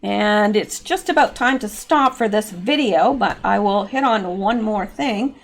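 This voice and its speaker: A woman's voice: mid-range voice, unhurried. A woman hosting an opinionated political commentary vlog, talking in a sarcastic, mocking, exasperated way. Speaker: political commentary channel host.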